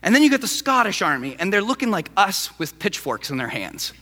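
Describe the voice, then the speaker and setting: Animated, bright-voiced preaching man. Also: sits high, a little fast, in a large hall. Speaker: pastor. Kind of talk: sermon.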